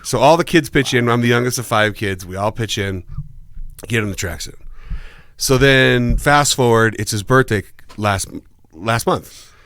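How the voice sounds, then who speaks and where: A man's voice: unhurried, dry recording, clean studio sound. A man co-hosting a podcast, casually telling a story, swearing often and mimicking others. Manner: animated, swears a lot, mimics his dad in a low gruff voice. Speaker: podcast co-host.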